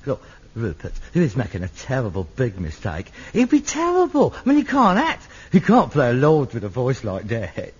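A man acting in a sitcom scene, bickering and exasperated, quick to snap. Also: mid-range voice, huge pitch swings, darkish tone, slightly rough. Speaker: amateur actor in a sitcom scene. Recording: dull lo-fi old TV sound.

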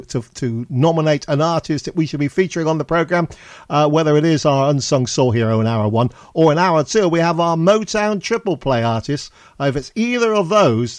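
A man presenting a radio show, talking easygoing and chatty between records with a halting delivery. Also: a little high, darkish tone, no room sound, clean studio sound. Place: radio studio. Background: faint music.

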